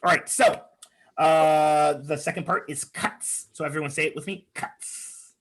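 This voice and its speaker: A man's voice: fairly high pitch, steady tone, moderate pace, fairly bright tone. A man leading an online speaking workshop, chatty and encouraging, with lots of fillers, over a video call. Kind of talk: workshop talk with improv exercises.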